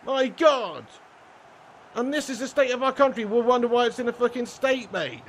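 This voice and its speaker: A man's voice: very high voice, moderate pace, a bit bright, slight background noise. A young British man streaming a football game live, ranting and swearing at length and laughing often between comments. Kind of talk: casual live-stream rant.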